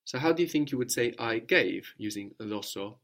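A man's voice: mid-range voice, lively intonation, normal speed, vocal fry, fairly bright tone. Patient male language teacher, prompting answers. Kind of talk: spoken language lesson.

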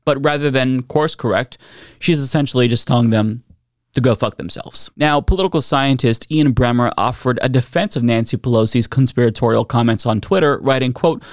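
A man's voice: medium pitch, a little fast, no room sound, clean studio sound. A man hosting a political commentary show, talking bluntly and sarcastically with frequent profanity.

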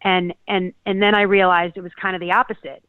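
A woman from Connecticut co-hosting a talk show, speaking earnestly and haltingly with many restarts. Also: fairly low pitch, flat delivery, clear, resonant tone, no room sound. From Connecticut, USA. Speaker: podcast co-host. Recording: tinny phone-like dry sound.

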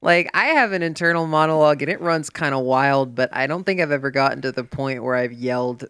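A man trading casual crude banter on a podcast, delivering jokes in a dry, deadpan way. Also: medium pitch, a little fast, clean tone, dry recording.

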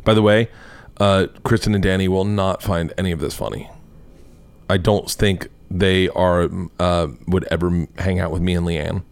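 Riffing on the videos he watches, this comedy podcast host rambles along, laughing and cursing in casual commentary. He has a low, steady voice at a moderate pace, recorded cleanly with no echo.

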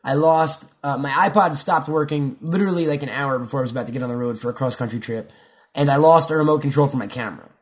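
A man's voice: mid-range voice, quick pace. A young man in casual chat, rambling and swearing freely as he jumps between stories and quotes. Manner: rambling, swears often, quotes movie lines.

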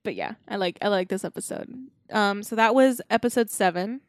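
A woman co-hosting a podcast, chatting casually with friends, swearing, laughing and acting out characters in quick quotes. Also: medium pitch, dry recording. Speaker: podcast co-host. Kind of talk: casual chat.

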